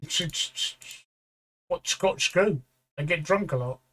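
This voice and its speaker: A man's voice: a little high, slow, pushed and bright. A man co-hosting a live stream, throwing in short, dry teasing remarks. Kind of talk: casual chat with dry asides.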